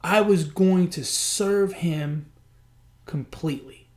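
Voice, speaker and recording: A man hosting a podcast, telling a personal story in a chatty, animated way and acting out the dialogue. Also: sits high, slow pace. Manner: animated, acts out quoted dialogue; chatty, frequent "I'm like" and "he goes". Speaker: podcast host. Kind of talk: storytelling monologue.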